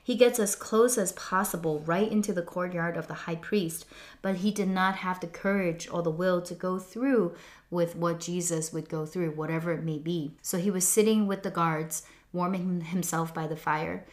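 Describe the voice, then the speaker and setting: A woman giving a scripted devotional reflection in an earnest, measured, reflective way. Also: on the low side, fairly even intonation. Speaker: devotional speaker.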